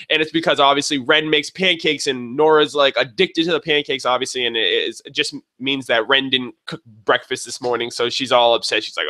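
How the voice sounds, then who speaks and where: A man giving a casual, rambling spoken review of a show episode, excitable and full of fillers and restarts. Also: medium pitch, fairly quick. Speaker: video reviewer.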